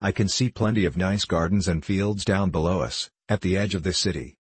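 A man's voice: sits low, fairly quick, breathy edge, no echo. A man reading the lines of a curious, brave young girl. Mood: earnest.

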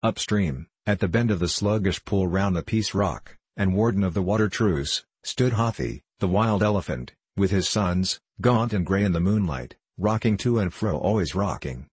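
A man's voice: sits low, expressive, moderate pace, hardly any pauses, a little mellow, breathy edge, no room sound. A man reading a classic animal story aloud as scripted narration, voicing the characters with little change of voice. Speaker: audiobook narrator.

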